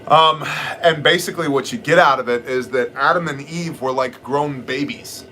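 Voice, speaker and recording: A man in middle age hosts a live stream with a bright, forceful voice. He talks in a blunt, joking, rambling way, with faint noise in the background. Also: mid-range voice, moderate pace. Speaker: livestream host answering chat questions. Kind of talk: casual live chat.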